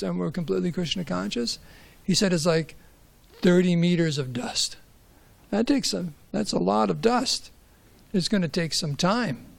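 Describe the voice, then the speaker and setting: A man's voice: high voice, gravelly. A man giving a conversational scripture class, asking rhetorical questions and telling stories. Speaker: class speaker.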